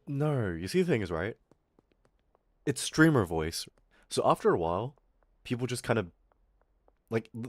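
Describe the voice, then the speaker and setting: A man's voice: on the low side, dry recording, studio quality. A young Australian man chatting casually on a livestream, rambling, swearing and laughing often, his throat a little irritated. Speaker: VTuber streamer.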